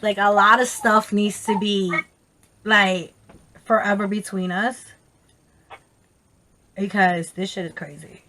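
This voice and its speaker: A woman tells a story to her camera in a casual, animated, profane way, full of slang and quoted voices. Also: mid-range voice, slow pace, pauses often. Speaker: vlogger.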